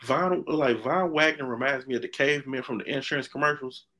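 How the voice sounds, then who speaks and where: Guy on a podcast, opinionated, animated, keeps restarting his sentences. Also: medium pitch, a little fast. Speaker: podcast co-host. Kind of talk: casual chat.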